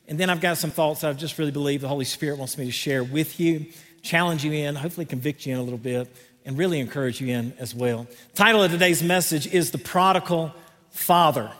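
A man's voice: a little high, fast talker. Southern man preaching in an echoing hall. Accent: Southern US, North Carolina. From North Carolina. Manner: folksy and enthusiastic, joking with the congregation. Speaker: guest pastor. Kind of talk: sermon. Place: church auditorium stage. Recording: long reverb in a large hall with a congregation.

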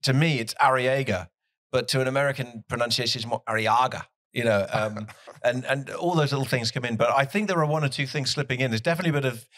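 Man, southwest English accent, soccer commentator, rambling, laughs easily, middle pitch. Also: fast, a bit bright, no room sound, studio quality. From southwest England. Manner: chatty, rambling, laughs often. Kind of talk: casual podcast chat.

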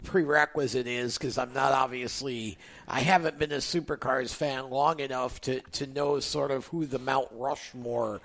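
A man's voice: medium pitch, steady tone, moderate pace, few pauses, fairly bright tone. A man co-hosting a casual motorsports talk show, speaking hesitantly with fillers. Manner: hesitant, lots of fillers and restarts. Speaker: podcast co-host.

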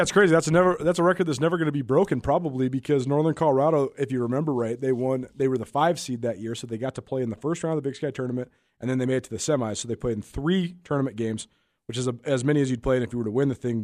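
A man co-hosting a sports radio show, explaining records and statistics quickly before posing trivia questions in a studio. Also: mid-range voice, darkish tone, dry recording. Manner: quick, stat-heavy explaining.

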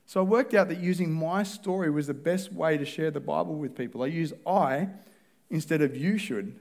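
A man's voice: a little high, normal speed, gravelly, darkish tone. A man preaching a sermon in a conversational way, acting out both sides of the dialogues he describes.

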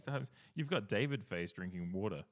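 A man's voice: fairly low pitch, lively intonation, fast talker. An Australian man co-hosting a podcast in casual chat, laughing often and swearing freely. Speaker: podcast co-host.

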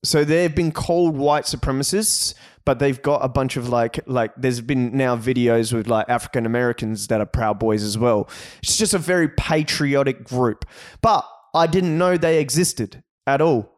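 A man with an Australian accent co-hosting a casual podcast, talking in an animated way, swearing freely and restarting his sentences often. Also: mid-range voice, moderate pace, few pauses. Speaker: podcast co-host.

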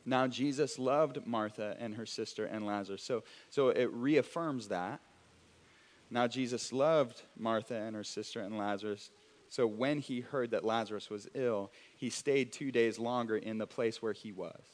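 A young man preaching a sermon to a congregation in a church, animated and conversational, with frequent restarts and acted asides. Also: mid-range voice, normal speed. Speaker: pastor.

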